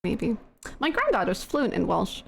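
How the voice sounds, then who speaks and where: A woman's voice: mid-range voice, wildly swooping pitch, a little slow, vocal fry, husky. A woman streamer chatting casually and laughing at herself while she plays a video game, with game music behind. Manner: giggly, self-deprecating chatter.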